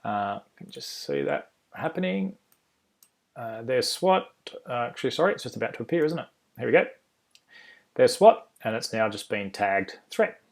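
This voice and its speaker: Aussie guy talking thru a software demo, lots of ums, mid pitch. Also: very animated, normal speed. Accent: Australian. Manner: informal, lots of ums and uhs, self-correcting. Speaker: software developer presenting a demo. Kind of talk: screen-share tutorial walkthrough.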